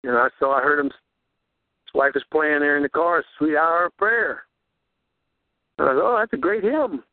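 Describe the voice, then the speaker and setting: A man hosting a radio show, preaching in a fervent, repetitive ramble and rising high on rhetorical questions. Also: unhurried, dry recording. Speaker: radio host. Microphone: handheld recorder. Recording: tinny phone-like radio audio.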